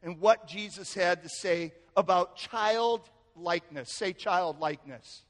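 A male pastor preaching in a church, telling a family story with lively, animated delivery. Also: unhurried. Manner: storytelling, animated, acts out family quotes with rising pitch. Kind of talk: sermon. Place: church sanctuary. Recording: echoey hall with long reverb.

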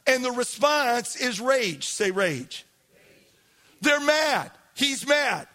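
A male pastor preaching an animated sermon, asking the congregation to repeat words back. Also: extremely high pitch, slow pace. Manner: animated, calls for congregation responses.

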